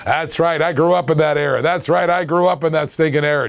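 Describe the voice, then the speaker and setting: A man's voice: on the high side, fairly even intonation, brisk, gravelly, smooth. A man in his forties with a Canadian accent, hosting a live-streamed toy car auction in a playful, jokey way, laughing often and repeating his lines. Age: 40s.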